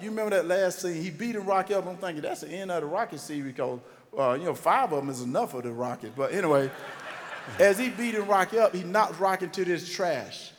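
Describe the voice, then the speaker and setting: Man, motivational faith talk, emphatic storyteller, slightly high voice, long hall echo. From Georgia, USA. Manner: animated, emphatic storytelling with repetition. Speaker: motivational speaker.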